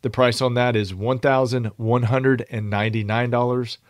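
A man's voice: mid-range voice, moderate pace, no echo, clean studio sound. A man co-hosting a podcast, reading a product list methodically in a casual chat. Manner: reads product lists at a steady, methodical pace. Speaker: podcast co-host.

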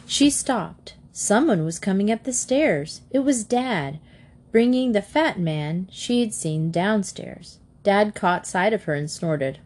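A woman reading a children's book aloud in a gentle, expressive narration. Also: medium pitch, slow. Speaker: audiobook narrator.

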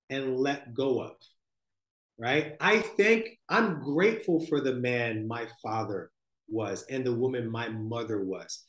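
A man, a podcast guest, talking slowly and thoughtfully about life and spirituality, often adding "like" and "right?". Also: medium pitch, roomy sound. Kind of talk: reflective conversational storytelling.

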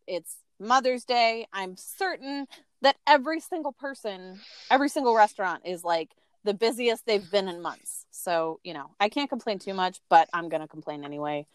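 A woman's voice: medium pitch, moderate pace, clean tone, no room sound. A woman with a mid-range voice co-hosts a casual chat and tells her stories animatedly. She acts out the quoted voices, and her sound is dry and close to the mic. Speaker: co-host. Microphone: phone call.

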